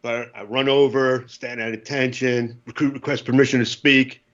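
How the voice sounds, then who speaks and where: A man in his fifties from the United States, a podcast guest telling lively war stories and acting out the voices. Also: mid-range voice, moderate pace, muffled recording. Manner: animated storyteller, acts out voices, laughs often. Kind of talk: casual storytelling.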